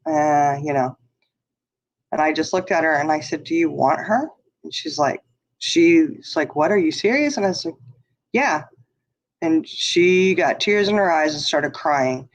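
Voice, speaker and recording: A woman telling a long story in casual chat, laughing often and saying "you know" a lot. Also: deep voice. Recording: dull lo-fi sound.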